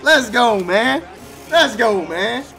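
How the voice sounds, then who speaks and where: A man's voice: very high voice, takes it slowly, creaky, soft background music. A man streaming a football video game, trash-talking and laughing. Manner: animated trash talk, laughing, slang. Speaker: gaming streamer. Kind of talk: casual game commentary.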